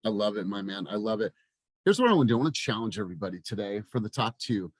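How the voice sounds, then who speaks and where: A man in his thirties gives a fired-up talk to his sales team, blunt and peppered with swearing, his voice climbing toward a shout. It sounds close and dry, with no room around it, as on a video call. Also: lowish voice, animated, quick pace, dry recording. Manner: passionate, swears, rising to near-shouting. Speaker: sales coach. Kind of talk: motivational team meeting talk.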